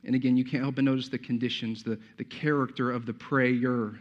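A man's voice: medium pitch, level tone, fairly quick. Conversational male pastor, lo-fi sermon recording. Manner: conversational preaching with frequent restarts and rhetorical asides.

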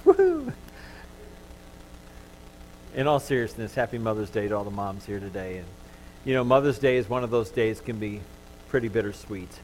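A man's voice: on the low side, brisk, a little hiss or hum, rough recording. Pastor man preaching a sermon. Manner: animated storytelling, softening to gentle comfort. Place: church.

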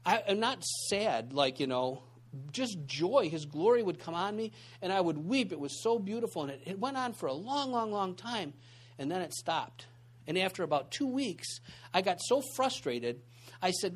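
A man with a notably high voice preaches to a church group in a relaxed, chatty way. He tells his stories with lots of asides and restarts, keeping the feel of an informal teaching session. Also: moderate pace. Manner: conversational, animated storytelling with many asides. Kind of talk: informal sermon with storytelling. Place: church meeting room.

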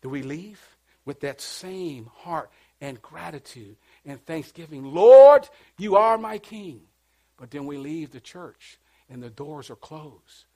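A man preaching a sermon in church, dropping to a hush and rising to loud calls, coaxing responses from the congregation. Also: mid-range voice, unhurried. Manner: swings from hushed to shouting, call-and-response preaching. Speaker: pastor.

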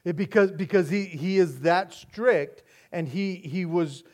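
Male pastor with a high voice, earnest sermon delivery with frequent restarts, moving between soft and emphatic. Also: measured pace.

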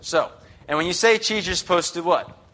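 A man's voice: high voice, normal speed, bright, forceful tone. A young man preaching a sermon in a chatty, upbeat, conversational way, often checking in with the congregation. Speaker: guest preacher.

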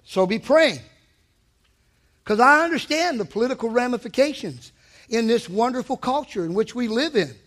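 A man preaching a sermon as pastor at a weeknight church service, emphatic and rising to shouts for emphasis. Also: very high-pitched, animated, normal speed.

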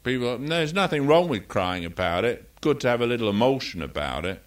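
A man's voice: mid-range voice, very animated, a little fast. An older man preaching a sermon in a conversational, rambling style, drifting into anecdotes and correcting himself as he goes.

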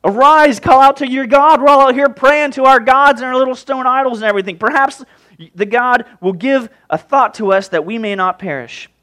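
A man voicing a panicked ship captain who shouts high and urgently. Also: lively intonation, normal speed, hardly any pauses. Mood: frantic.

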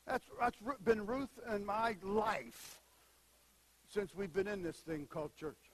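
A man preaching a sermon, moving between quiet asides and loud, emphatic bursts. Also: sits high, animated, takes it slowly, a little hiss or hum, poor audio. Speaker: pastor.

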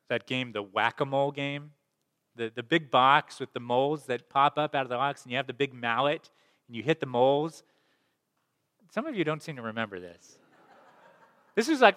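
This pastor, a man with a mid-pitched, fairly bright voice, delivers his sermon casually and conversationally. Fillers and repeated words punctuate his speech, and a lengthy reverb echoes after every phrase as in a spacious church.

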